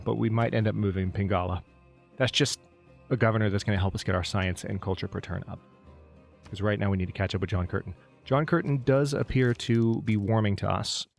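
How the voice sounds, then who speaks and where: Man, lower voice, casual gameplay commentary, thinking aloud, talks to units, faint music behind. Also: gravelly, darkish tone. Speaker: let's play host.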